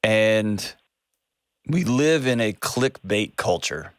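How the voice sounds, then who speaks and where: A man hosting a call-in advice show, telling stories in a folksy, animated way. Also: fairly low pitch, slow pace, smooth, dry recording, clean studio sound. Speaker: host. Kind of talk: casual call-in advice talk.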